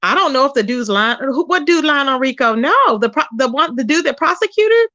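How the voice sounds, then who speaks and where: Her voice is high-pitched, bright and forceful, with lively intonation and a brisk pace, though the audio sounds dull. This woman hosts a casual livestream, sassily commenting on online drama and calling out chat viewers by name.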